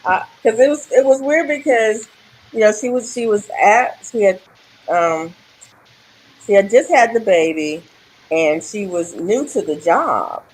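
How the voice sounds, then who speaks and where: A woman's voice: medium pitch, animated, a little slow, slight background noise, rough recording. A woman in casual chat on a video call live stream, retelling stories and mimicking how people reacted. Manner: chatty, mimics quoted reactions.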